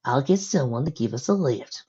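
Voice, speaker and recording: A woman voicing a fussy, dramatic young woman with prim manners, in a high, shrill, theatrical voice. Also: lively intonation, normal speed, mellow, slightly rough, highs cut off, exaggerated voice. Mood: confident.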